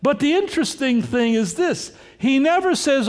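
Male pastor, very high voice, emphatic verse-by-verse sermon delivery. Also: very animated, moderate pace. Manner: explanatory, emphatic, rises to loud cries on quoted words. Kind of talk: sermon with running scripture commentary.

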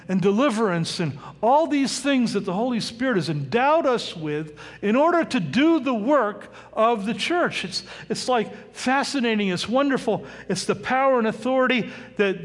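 A male pastor preaching a sermon in a lively, conversational way, often asking the congregation questions. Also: high voice, big-room sound.

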